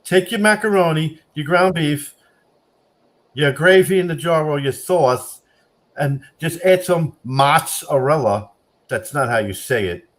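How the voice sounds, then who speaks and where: A man in casual banter, loud and mocking, swearing often, whose voice jumps up when he rants. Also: a little high, expressive, measured pace. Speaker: streamer reacting to chat.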